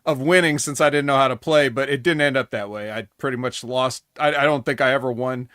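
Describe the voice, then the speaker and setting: A man's voice: mid-range voice, brisk, fairly bright tone, dry recording, clean studio sound. A man on a podcast panel in casual chat, thoughtful and hedging, often restarting sentences.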